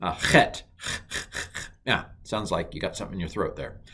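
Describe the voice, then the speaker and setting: Man, fairly low voice, chatty teacher, drawn-out recitation, light jokes. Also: pushed and bright, breathy edge. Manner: chatty, drawn-out letter recitation, mild self-deprecating jokes. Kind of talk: recorded language lesson.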